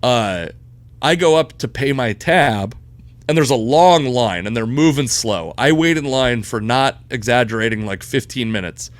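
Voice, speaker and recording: A young man co-hosting a podcast, telling a story in casual chat. He swears freely and gets loud and laughs at the big moments. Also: medium pitch, expressive, moderate pace, no room sound. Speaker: podcast co-host.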